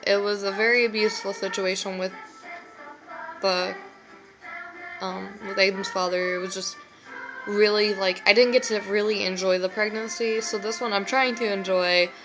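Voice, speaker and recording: A woman's voice: mid-range voice, steady tone, moderate pace, over music, low-quality recording. A young woman chatting casually to her camera as a vlogger, answering viewer questions in a rambling way with many fillers. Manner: rambling, many ums and likes. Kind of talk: casual chat.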